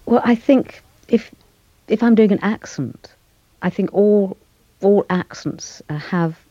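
An older actress giving a radio interview, speaking thoughtfully with frequent pauses, fillers and restarts. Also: female voice, mid-range voice, mellow, no echo, muffled recording. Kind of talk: reflective interview conversation.

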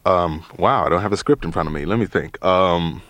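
Deep-voiced man, thoughtful radio guest. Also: fairly bright tone, dry recording. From Chicago, USA. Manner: thoughtful, measured, pauses often with ums. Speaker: actor and interview guest. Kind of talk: radio interview. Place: radio studio. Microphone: studio mic.

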